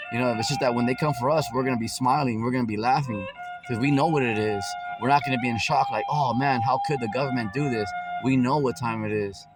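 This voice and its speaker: A man preaching as a street preacher in a ranting, mocking tone full of slang and swearing. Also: medium pitch. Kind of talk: ranting religious commentary. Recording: loud background music.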